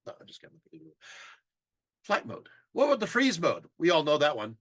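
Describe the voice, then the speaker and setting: Middle-aged guy lecturing, high voice that jumps around a lot, plays out the reactions himself. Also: fairly quick, no echo. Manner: animated, acts out audience reactions with laughs. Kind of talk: live lecture to an audience.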